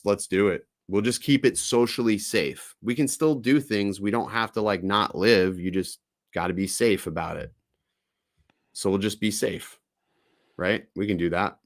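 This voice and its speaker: A man hosting a casual live-stream chat, telling stories in a loose, profane, animated way. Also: on the low side, dry recording, clean studio sound. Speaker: podcast host.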